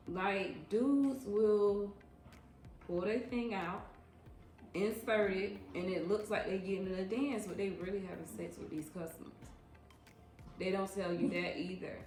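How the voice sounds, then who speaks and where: A woman in her thirties telling casual story-time tales in a frank, emphatic way, with slangy repeats for emphasis. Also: medium pitch. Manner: slangy, drawn-out repetitions. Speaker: vlogger recounting her years as a club dancer. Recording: echoey room with faint ambience.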